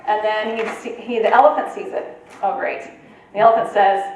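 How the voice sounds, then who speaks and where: A woman's voice: medium pitch, fairly even intonation, a little fast, darkish tone, slight background noise. A woman presenting at a retreat, giving an informal talk to a live audience in a conversational way and checking in with her listeners. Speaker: conference presenter. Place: meeting room at a retreat. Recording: very echoey room, voice from far off, faint ambience.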